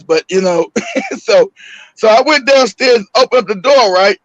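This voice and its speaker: A man telling a story in casual chat, animated and swearing often, acting out the voices in his story and shouting the quotes. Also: high voice, moderate pace, no room sound, dull audio. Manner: swears freely, laughs often.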